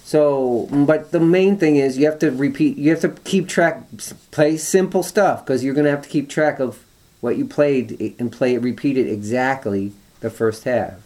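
Speaking at a moderate pace in a medium-pitched, dark-toned voice, a music teacher walks through call and response during a guitar lesson. The explanation comes out as thinking aloud, with restarts, fillers, and guitar playing in between.

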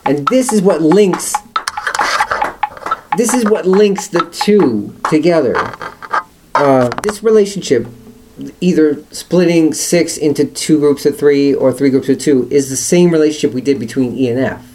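A man giving a one-on-one rhythm lesson as a music teacher, patiently explaining and chanting counting syllables in steady beats. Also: a little high, a little slow, a little hiss or hum. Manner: patient, encouraging instruction. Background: loud instrument music playing.

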